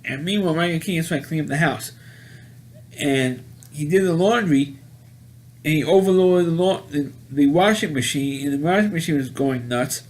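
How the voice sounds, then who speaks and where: A man casually recapping a movie plot, rambling and halting with many restarts and repeated words. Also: fairly high pitch. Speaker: movie reviewer.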